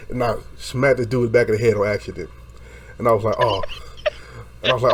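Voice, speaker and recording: A young man tells a story in a loose, casual chat, acting out every quote with plenty of swearing and laughter. His voice sits a little low. A faint hum of noise runs under the recording. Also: fast. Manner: animated, profane, laughing, acts out quotes. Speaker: host telling a story.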